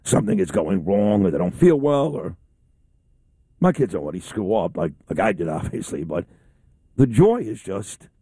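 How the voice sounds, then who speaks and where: Middle-aged male radio host, boastful rambler, animated pitch, dry close sound. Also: normal speed, creaky, husky, no room sound. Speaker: radio talk show host. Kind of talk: casual on-air chat.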